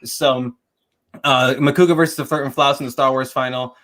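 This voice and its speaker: A man's voice: mid-range voice, fairly even intonation, fairly quick, a bit bright. A young man co-hosting a casual podcast, giving firm opinions and answering the live chat. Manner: confident, reads chat aloud, emphatic opinions. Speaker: podcast co-host.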